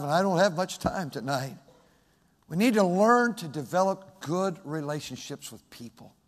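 A man preaching a sermon as pastor, swinging from loud shouted emphasis to soft, hushed asides. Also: sits high. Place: church sanctuary. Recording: long hall reverb.

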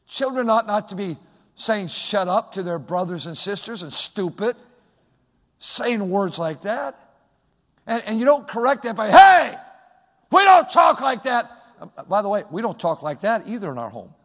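A man preaching a sermon as pastor, swinging from loud shouted emphasis to soft, hushed asides. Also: high voice, animated, moderate pace. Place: church sanctuary. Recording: long hall reverb.

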